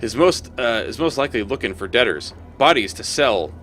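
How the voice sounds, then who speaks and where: A man's voice: medium pitch, big pitch swings, fairly quick, a bit bright, pitched above the performer's own voice. A man doing a breezy, slangy corpse collector. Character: upbeat ragged male corpse collector, friendly.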